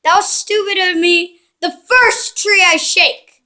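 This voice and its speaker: Woman, let's-play commentary, cheeky, unhurried, bright tone. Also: extremely high pitch, big pitch swings. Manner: playful, cheeky, teasing the game characters. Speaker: gaming channel host.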